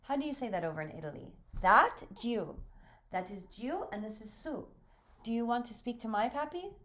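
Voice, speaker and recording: A woman's voice: a little high, lively intonation, moderate pace, a bit bright, pitched above the performer's own voice. A woman voicing an eager, chattering eight-year-old boy with a slight foreign accent in a play reading. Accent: slight foreign trace. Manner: breathless, chattering.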